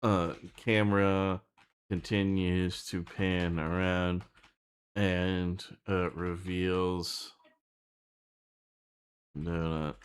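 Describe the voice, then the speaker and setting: A man casually thinking out loud while planning a scene, rambling and halting, with frequent swearing. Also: low voice, level tone, clean tone. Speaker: streamer writing an animation script.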